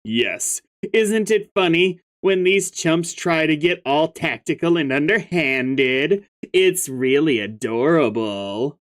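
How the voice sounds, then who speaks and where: A man's voice: on the high side, lively intonation, slow pace. A man voicing a brash, sarcastic young female troll who mocks and schemes. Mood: scheming.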